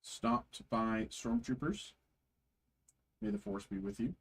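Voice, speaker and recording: A man hosting a trading card break, reading card names aloud slowly with frequent fillers. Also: medium pitch, animated, gravelly, husky, low-quality recording.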